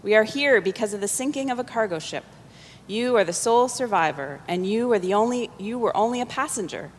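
A woman's voice: on the high side, expressive, brisk, a little hiss or hum, close to an everyday voice. A woman voicing a stiff, impatient male investigator, speaking in a curt, formal way. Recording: long hall reverb.

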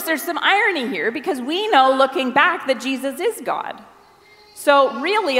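A woman's voice: sits high, a bit bright, reverberant, big-room sound. A woman giving a conversational sermon, briefly acting out the voices of the people in the story. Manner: conversational, acts out quoted voices. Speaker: preacher.

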